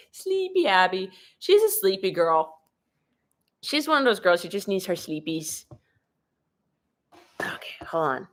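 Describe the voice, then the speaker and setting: Young woman vlogger, casual live-stream chat, slightly sick with sniffles, quick to laugh. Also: medium pitch, big pitch swings. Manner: chatty, laughs often, answers viewer questions. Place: home, at a laptop in the kitchen. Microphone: laptop or phone camera propped up.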